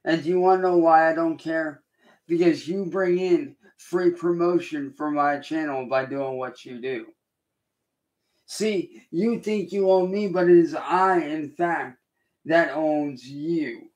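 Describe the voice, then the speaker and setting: Male livestreamer, fairly high voice, slow defiant lecture. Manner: slow, deliberate, repetitive lecturing; confrontational, defiant. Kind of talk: livestream rant addressed to a critic.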